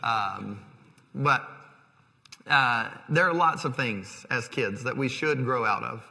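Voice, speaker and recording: A male pastor in his thirties talks through his sermon in an easy, conversational way, full of fillers and restarts. His voice is bright and forward. A long reverb trails behind him, as in a church hall. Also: medium pitch, slow pace, vocal fry.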